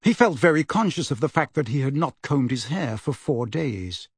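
Male audiobook narrator, lively and expressive, slightly husky, close and dry. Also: mid-range voice, moderate pace, no echo. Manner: expressive, animated reading. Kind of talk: storybook narration.

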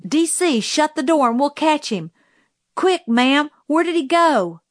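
Reading aloud, a woman voices an earnest, kindly young schoolboy whose country speech is eager and urgent. She pitches fairly high, above her own natural voice, acting it lightly with animation at a moderate pace. The studio sound is clean, with no echo.

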